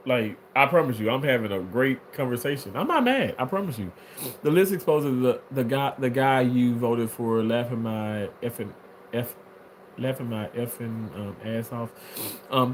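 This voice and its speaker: A man livestreams in a relaxed, animated manner, reading comments from viewers and giving playful replies with plenty of laughs. His mid-range voice moves at normal speed, with a little hiss or hum.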